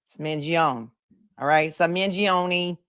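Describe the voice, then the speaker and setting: Female attorney host, casual chat style, lower voice, close dry mic. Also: unhurried, a bit bright, clear, resonant tone, no room sound. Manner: chatty, joking, talks to the chat directly.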